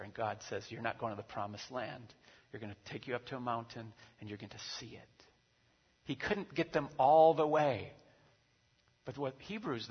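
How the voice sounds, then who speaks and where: A man pastor preaching a sermon, animated and acting out quoted voices with big swings in loudness. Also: medium pitch, husky. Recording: dull recording with long hall reverb.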